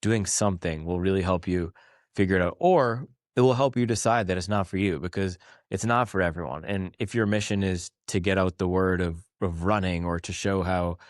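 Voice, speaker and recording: An American man hosting a podcast, giving casual motivational advice with energy and quick self-corrections. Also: deep voice, no room sound, clean studio sound. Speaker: podcast host. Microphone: small wireless clip-on mic.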